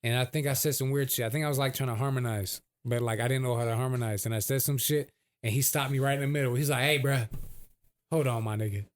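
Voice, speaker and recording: A man's voice: mid-range voice, fairly even intonation, fast. A man, a podcast co-host telling stories in a casual, slangy, laid-back way. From San Francisco Bay Area. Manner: slangy, laid-back, acts out quoted people. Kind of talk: casual storytelling chat.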